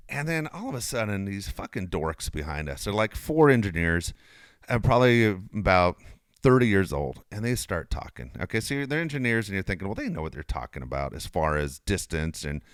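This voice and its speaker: A middle-aged man co-hosting a casual chat show, telling a story animatedly, swearing freely and loudly acting out his own outbursts. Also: on the low side, dry recording, studio quality. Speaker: podcast co-host.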